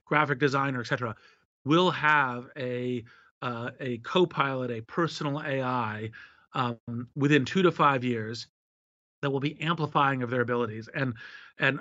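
Male interview guest, bright and pushy tone, expansive talker, dry dull lo-fi audio. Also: mid-range voice, no echo. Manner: expansive, talks in long running lists and acted-out examples. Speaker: guest, tech investor. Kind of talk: live interview answers. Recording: dull, slightly lo-fi dry sound.

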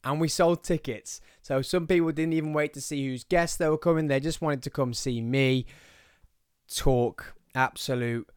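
A man's voice: a little high, fairly even intonation, normal speed, clean tone, no echo, studio quality. A man with an English accent hosting a podcast in casual chat, chatty, self-mocking and easily distracted. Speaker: podcast host. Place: small studio. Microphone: studio microphone.

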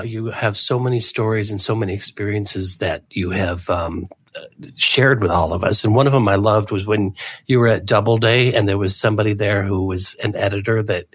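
A man's voice: fairly low pitch, no room sound. A man hosting a casual interview, asking questions with enthusiasm. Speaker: host.

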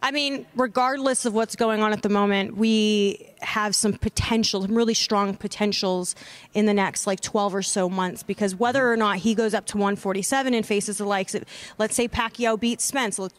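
A woman interviewing a guest in casual chat, animated and talkative, swearing casually. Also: mid-range voice, moderate pace.

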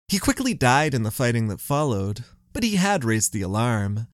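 A man's voice: medium pitch, dry recording, studio quality. A man hosting a history podcast, telling the story in scripted narration with wry asides.

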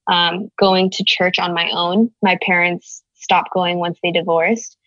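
A woman's voice: fairly low pitch, little pitch movement, a little slow, fairly bright tone, no echo, dull audio. A woman raised in the United States, speaking as an interview guest in an earnest, thoughtful way, searching for her words. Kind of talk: reflective conversation.

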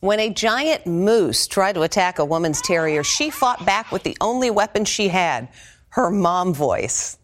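A woman reading news stories in a measured broadcast style as the anchor. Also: on the low side, expressive, a little hiss or hum.

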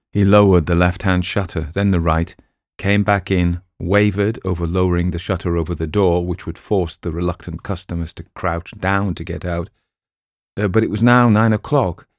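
A man reading a crime novel aloud in a measured way, with the odd filler sound. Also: low-pitched, no room sound, clean studio sound. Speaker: audiobook narrator.

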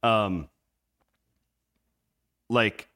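Low, smooth-voiced man chatting casually. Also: drawn-out words, pushed and bright, no echo, clean studio sound. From Southwest Iowa. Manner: rambling, filler-heavy. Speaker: podcast co-host. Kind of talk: casual sports chat. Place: on the road in Memphis.

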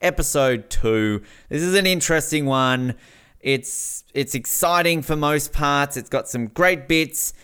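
A man's voice: mid-range voice, animated, normal speed, a bit bright, smooth. A man co-hosting a podcast, casual, blunt and jokey, swearing now and then. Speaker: podcast co-host.

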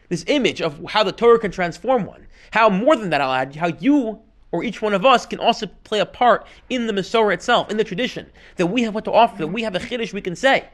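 A man teaching a Talmud class as a rabbi, telling stories in an animated way and swinging between loud and hushed delivery. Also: high voice. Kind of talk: lively classroom lecture.

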